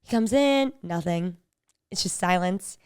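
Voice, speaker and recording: A woman's voice: fairly low pitch, measured pace, clear, resonant tone. Chatty woman co-hosting a podcast. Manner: chatty storyteller, acts out quotes in animated voices. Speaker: podcast co-host. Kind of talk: casual chat.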